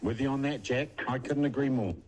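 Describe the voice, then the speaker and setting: A man with a New Zealand accent hosting talkback radio, blunt and brisk with callers. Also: medium pitch, darkish tone.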